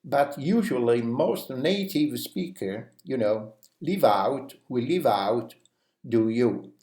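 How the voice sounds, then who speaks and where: Slow-paced male English teacher. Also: medium pitch. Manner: acts out example phrases in a lively way; uses many "you know" fillers. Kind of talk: language lesson. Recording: roomy echo.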